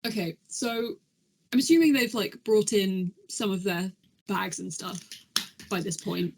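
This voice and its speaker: A woman player in a podcast tabletop game, thinking aloud in a loose, casual way. Her voice is husky and breathy. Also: mid-range voice, unhurried, a little mellow. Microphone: podcast mic.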